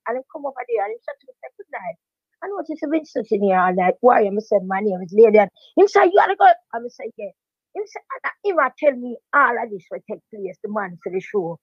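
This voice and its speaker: An older woman with a strong Jamaican accent tells her story in quick bursts of patois and keeps hammering the same point home. Her voice sits high, and the recording sounds dry and a little dull. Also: husky, dry recording. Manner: animated patois storytelling, emphatic repetition. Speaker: veteran dancehall DJ, guest. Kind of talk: storytelling interview.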